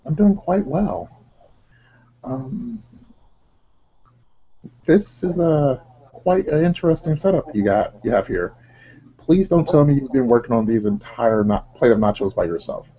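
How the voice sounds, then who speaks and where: A man voicing a friendly, energetic, happy-go-lucky man at a bar, curious and lightly teasing. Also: mid-range voice, measured pace, pauses often, pitched above the performer's own voice. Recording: dull lo-fi recording.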